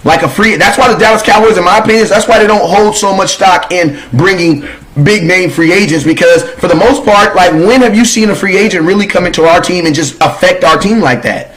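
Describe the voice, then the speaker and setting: A man co-hosting a sports talk show, talking in casual, rambling chat. He piles on fillers and emphatic asides, and his voice sits fairly high for a man. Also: a little fast, a bit bright, low-quality recording.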